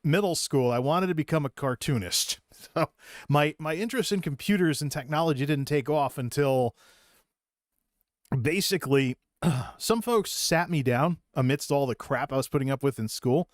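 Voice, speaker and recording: In a vlog, a middle-aged man from Massachusetts tells a rambling, self-deprecating personal story, often restarting and chuckling. His voice sits on the high side and is expressive, at a normal pace. The recording is dry and studio quality.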